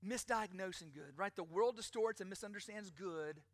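A man's voice: sits high, moderate pace, no room sound, studio quality. A man preaching a sermon, emphatic, with a delivery that rises and falls. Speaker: pastor.

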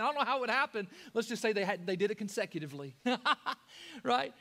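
High-voiced preaching man. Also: animated, moderate pace. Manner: preaching with sudden loud rises and soft drops; conversational, addresses listeners as guys. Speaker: pastor. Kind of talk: sermon.

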